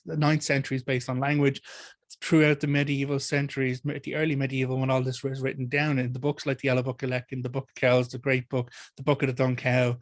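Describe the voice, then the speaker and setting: A man with an Irish accent, teaching mythology in an animated, discursive Q&A talk, full of restarts and asides. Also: fairly high pitch, no echo. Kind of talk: community Q&A talk.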